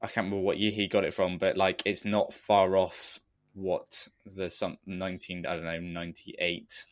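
A man's voice: deep voice, flat delivery, moderate pace, dry recording, studio quality. A man co-hosting a podcast, chatting casually in a rambling, self-deprecating way with frequent laughs. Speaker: podcast co-host. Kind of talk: casual chat.

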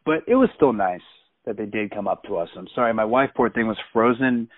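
A man's voice: fairly low pitch, expressive, brisk, no echo. A man in his thirties animatedly and emphatically retelling a personal story. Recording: dry tinny phone-like sound.

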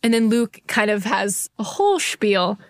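A young woman co-hosting a casual book podcast, wry and quick-witted. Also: mid-range voice, very animated, no echo, studio quality. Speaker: podcast co-host.

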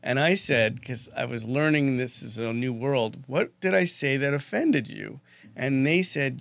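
Man, comedian guest, gravelly voice, dry close mic, animated storytelling. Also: mid-range voice, normal speed, no echo. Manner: animated storyteller, acts out quotes. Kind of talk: casual radio interview chat.

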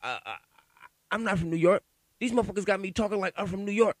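A man's voice: sits high, fairly even intonation, very fast, no echo. A man from California hosting a podcast, ranting in a profane, worked-up monologue and often repeating words as he goes. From Sacramento, California. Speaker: podcast host.

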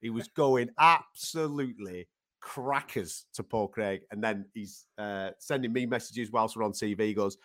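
Casual sports chat, guy, animated, swears, acts out quotes. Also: fairly low pitch, moderate pace. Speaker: podcast co-host.

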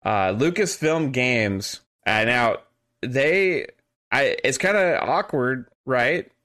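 A man's voice: mid-range voice, lively intonation, slow, pushed and bright. A man hosting a podcast, chatting casually and joking, with lots of fillers. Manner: playful, joking, many fillers. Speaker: podcast host. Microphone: online call setup.

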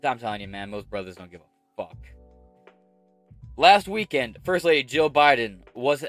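A man's voice: lowish voice, fairly bright tone. A man hosting political commentary, reading an article aloud and ranting over it with heavy swearing and sarcasm.

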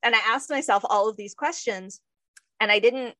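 A woman with a fairly high, sharp-toned voice hosts a podcast interview at a moderate pace. Her casual interview chat is effusive and enthusiastic.

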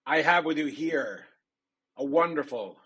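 Tabletop role-play: man voicing a husky, sly pirate captain, pitched up, in salty sea-dog talk. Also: lively intonation, measured pace, fairly bright tone, full character voice. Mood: scheming. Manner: pirate dialect, drops verbs into "be" and "were". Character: weathered male pirate captain, sly and ruthless.

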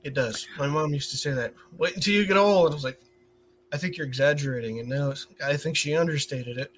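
A man from upstate New York with a light upstate New York accent, chatting as a podcast guest, quick to laugh and telling anecdotes. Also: medium pitch, steady tone, slight background noise. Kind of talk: casual chat.

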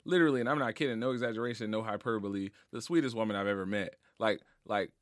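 A man's voice: lowish voice, dry recording. Earnest, emotional man in a studio. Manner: emotional, earnest, drawn-out storytelling with slang. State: close to tears. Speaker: podcast guest. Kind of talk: heartfelt casual conversation. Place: recording studio.

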